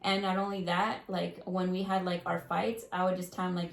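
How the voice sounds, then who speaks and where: A woman in her thirties talks through relationship advice in a loose, rambling way, packed with fillers. Her low voice has a gravelly fry to it. The sound carries the echo of a bare room. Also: flat delivery, normal speed, hardly any pauses. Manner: talkative, many fillers, acts out quoted arguments. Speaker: podcast co-host. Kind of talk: casual advice chat.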